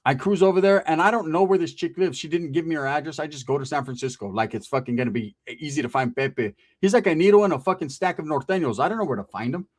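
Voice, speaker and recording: A man's voice: fairly high pitch, fast talker, hardly any pauses. A man telling a long stand-up story in a rambling, profane, slangy way, acting out the dialogue. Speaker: comedian.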